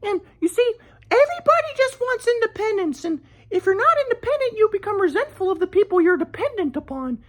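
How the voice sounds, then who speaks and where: A man imitating his calm, preachy older grandfather in a slow, lecturing way. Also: very high-pitched, pitched above the performer's own voice, exaggerated voice.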